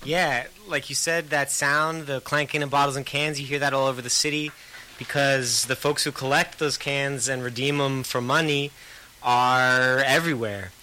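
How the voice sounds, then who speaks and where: Earnest bright-voiced man inviting listeners. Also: mid-range voice, fairly even intonation, normal speed, a little hiss or hum, low-quality recording. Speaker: recycling center guest. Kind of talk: community outreach pitch.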